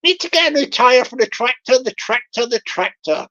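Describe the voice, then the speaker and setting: A woman's voice: fairly high pitch, expressive, moderate pace, pushed and bright. A woman voicing a wheedling male West Country scammer farmer who begs for money, repeating his pleas in a sing-song way. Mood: pleading. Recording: dull lo-fi recording.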